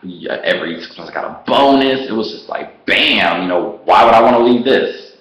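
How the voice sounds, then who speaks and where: A man vlogger telling his personal story to the camera in an animated way, laughing often and acting out what he once said. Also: lowish voice, normal speed. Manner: animated, laughs often, acts out his own past words. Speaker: online business vlogger. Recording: roomy echo.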